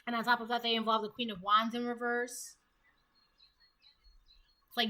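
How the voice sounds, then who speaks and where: A woman's voice: fairly high pitch, flat delivery, normal speed, long pauses, sharp tone. A woman giving a casual tarot reading, chatty and acting out the voices she quotes. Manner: chatty, acts out quoted voices, laughs at own jokes. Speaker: tarot reader.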